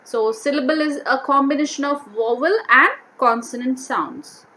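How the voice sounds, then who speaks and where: High, bright-voiced woman teaching English. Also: a little hiss or hum. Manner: repeats each word, sounds out syllables slowly. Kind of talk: explaining a vocabulary worksheet.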